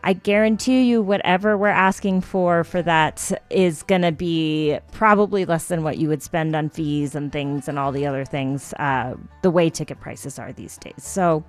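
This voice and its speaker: Low-voiced woman radio host. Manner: relaxed, conversational, with fillers. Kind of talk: pledge drive radio talk. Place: radio studio.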